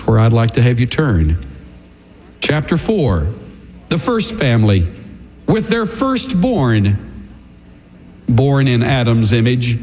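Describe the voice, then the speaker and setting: A male pastor delivering a sermon, preaching dramatically with sweeping swings of pitch and emphatic pauses. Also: a little mellow, long reverb tail, a little hiss or hum.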